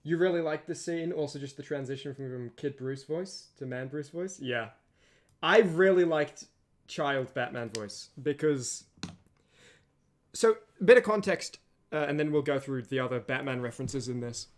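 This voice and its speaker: A man's voice: mid-range voice, lively intonation, normal speed. A tired man chatting casually on a stream as its host, rambling with many restarts. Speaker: streamer and voice animator.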